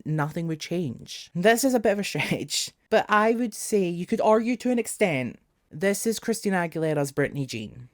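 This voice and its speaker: A man's voice: on the high side, no echo, studio quality. A young man talking casually as a music reviewer, sarcastic and exasperated, with jokey asides. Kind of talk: casual album review vlog.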